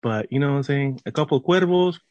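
A man co-hosting a podcast in casual banter, joking and animated, tossing in Spanish words. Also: mid-range voice, fast talker, no room sound, muffled recording. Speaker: podcast co-host.

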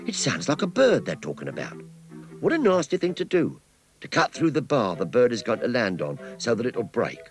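A man voicing an eager, kind young boy in a children's storybook, talking in an urgent, excited way. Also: mid-range voice, moderate pace, soft background music, pitched above the performer's own voice. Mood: cheerful.

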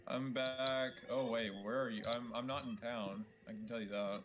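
A man in casual voice chat who talks quietly and asks puzzled questions. His voice is bright and forceful in tone. He sounds faint against the others in the call. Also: medium pitch, fairly even intonation, normal speed. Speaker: gamer playing with friends. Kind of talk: casual voice-chat banter during a game.

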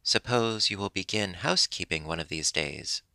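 A man's voice: sits low, expressive, vocal fry, pushed and bright, no room sound, exaggerated voice. A man reading the part of a fussy, nosy, half-blind old gray squirrel in a storybook. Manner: gossipy, quick and nosy.

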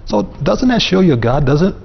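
A man's voice: sits high, sing-song, moderate pace, creaky, slightly rough. A man speaking as a guest on a panel, explaining religious ideas earnestly and with emphasis. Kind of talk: religious discussion. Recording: dull sound with long reverb.

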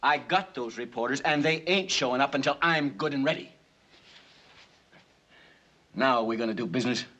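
An actor playing a cocky gangster bootlegger in a 1960s film, talking in tough street slang. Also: male voice, mid-range voice, normal speed, long pauses, sharp tone. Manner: tough street slang, pleading then defiant.

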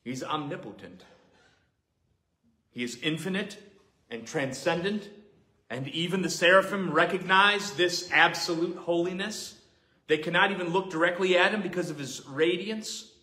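Bright-voiced man preaching a sermon. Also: high-pitched, moderate pace. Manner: earnest, emphatic preaching with repetition. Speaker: pastor. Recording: roomy echoing hall.

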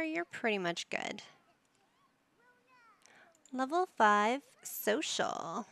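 A woman's voice: mid-range voice, expressive, a little slow, gravelly, fairly bright tone. A woman giving casual gameplay commentary, chatty and coaxing, talking to her characters like a parent would. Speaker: gaming YouTuber.

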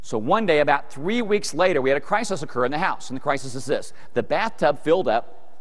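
This time the middle-aged keynote speaker's voice sits on the high side, with a brisk pace. In a large hall with long reverb, he tells humorous stories to a live audience, animatedly acting out family moments and engaging the crowd.

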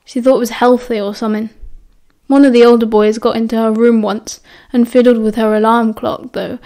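A woman with a British accent voicing a quiet, thoughtful teenage schoolboy who speaks mildly. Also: on the high side, little pitch movement, fairly quick, lightly acted. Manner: mild, thoughtful.

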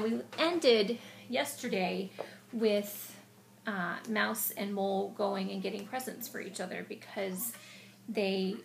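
Teacher lady reading a kids story, patient, explains stuff, kinda creaky voice. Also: mid-range voice, slight background noise. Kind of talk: reading a storybook aloud to children.

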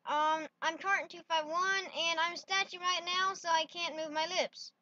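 A woman's voice: very high voice, steady tone, moderate pace, sharp tone. A woman hosting a playful solo vlog, talking in a giggly, silly way full of exclamations. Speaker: vlogger. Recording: dull lo-fi dry sound.

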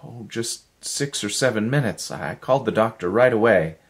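A man's voice: lowish voice, animated, normal speed, pitched above the performer's own voice. A man voicing a frightened, relieved woman who talks in a breathless, pleading way.

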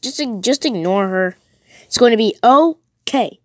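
Woman reading protective mom, urgent orders, evasive, fairly high voice, dry sound. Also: lively intonation, a little slow, dry recording. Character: worried mother, secretive and protective. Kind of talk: reading a text-message horror story aloud.

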